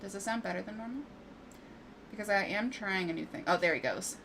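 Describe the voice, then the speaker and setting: A woman's voice: mid-range voice, a little fast, vocal fry, a bit bright, slight background noise. A woman giving casual commentary while playing and fixing game mods at home, swearing freely when things break and chatting to her cat between fixes. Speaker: gaming streamer. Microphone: desk microphone.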